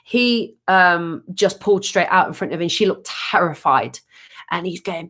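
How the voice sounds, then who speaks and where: Woman hosting a relaxed live stream as a tarot reader: upbeat and chatty, reads comments aloud. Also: lowish voice, measured pace. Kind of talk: casual live stream chat.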